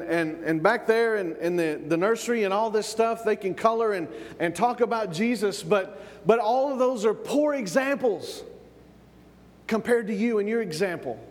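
High-voiced preacher in a hall. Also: male voice. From American South. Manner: repeats words when building up, calls for amens. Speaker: pastor. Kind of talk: sermon. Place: church.

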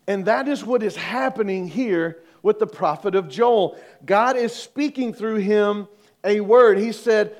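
A middle-aged man preaching to his congregation in a light, high voice. He keeps it conversational, cracks jokes and keeps asking the room questions. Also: unhurried. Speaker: pastor. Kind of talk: sermon.

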